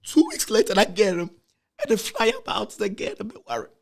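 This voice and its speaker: A man's voice: wildly swooping pitch, a little fast, gravelly. A man with a Ghanaian accent telling an emotional personal story, repeating himself and mixing in Twi phrases. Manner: emotional, repetitive, with dramatic pitch swings. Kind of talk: emotional storytelling, switching between Twi and English.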